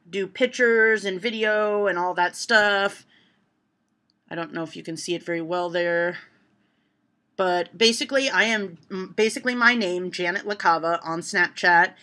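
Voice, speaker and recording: A woman's voice: medium pitch, a little slow. A woman vlogging from home, reading joke lists aloud to her camera and laughing at the punchlines. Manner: reads jokes aloud and reacts with loud laughter. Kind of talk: casual joke-reading vlog.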